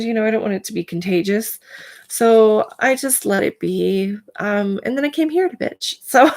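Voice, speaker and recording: Chatty woman with a creaky voice. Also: on the high side. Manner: chatty, many "like" fillers, talks to chat viewers by name. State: in pain. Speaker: live stream host. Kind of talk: casual live stream chat.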